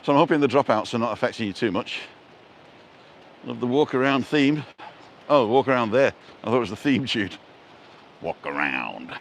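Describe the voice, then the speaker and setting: Male live-stream host walking outdoors, mid-pitched, chatty and punning, phone mic, faint traffic behind. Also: fairly quick. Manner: chatty, self-mocking, punning jokes. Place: outdoors, walking along a street in a seaside resort. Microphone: handheld phone camera.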